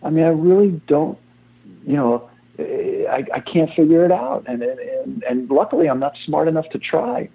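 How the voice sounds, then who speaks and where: Husky older man on a phone line. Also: on the high side, expressive, normal speed. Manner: rambling, self-deprecating, repeats himself. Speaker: fire chief, interview guest. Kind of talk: casual interview talk. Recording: tinny phone-line sound.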